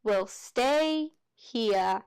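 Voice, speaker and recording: A woman voicing a stern, menacing female schoolteacher who speaks slowly and commandingly. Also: on the high side, animated, a little mellow, smooth, full character voice. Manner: slow, clipped and commanding.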